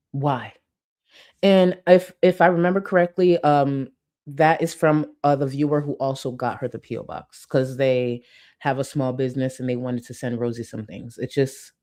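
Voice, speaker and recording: A woman's voice: a bass voice, dark tone. A young adult woman doing blunt, sarcastic reaction commentary, swearing freely as she talks back to a clip. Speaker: commentary YouTuber reacting to a livestream.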